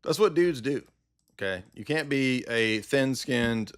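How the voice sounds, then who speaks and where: A man's voice: mid-range voice, lively intonation, unhurried, clear, resonant tone. A man hosting a livestream, ranting in a combative, sarcastic commentary style. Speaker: livestream host.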